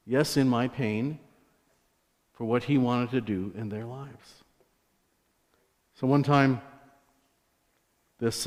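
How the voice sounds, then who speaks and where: A male guest preacher with a mid-range, darkish voice gives a sermon testimony in a church sanctuary, telling stories conversationally and adding asides to the congregation. The recording carries a long church hall reverb.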